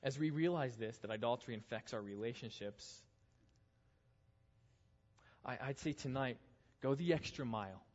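A man preaching a youth sermon in earnest, building intensity through repeated phrases and then dropping soft. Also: mid-range voice, moderate pace, long pauses. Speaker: youth pastor. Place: church hall. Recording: echoey hall, dull lo-fi sound.

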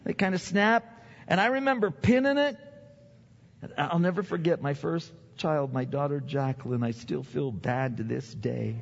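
A man's voice: on the high side, normal speed, creaky. An older man preaching a sermon as pastor, chatty and self-deprecating, often repeating his words. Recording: dull sound with long hall reverb.

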